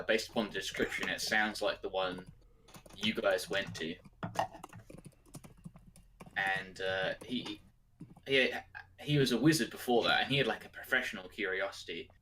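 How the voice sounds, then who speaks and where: A man running a streamed tabletop game, giving loose, rambling explanations full of fillers. His voice is on the low side and sounds slightly back from the mic, with keyboard clicks nearby. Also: sharp tone, distant mic, slight background noise. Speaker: game master.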